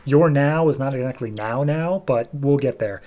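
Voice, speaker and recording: A man's voice: medium pitch, moderate pace, warm tone, lightly acted. A man voicing a chatty, fussy male goat-man faun guide who is a little smug, during a casual comic recap. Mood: fawning. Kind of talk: casual recap with voiced characters.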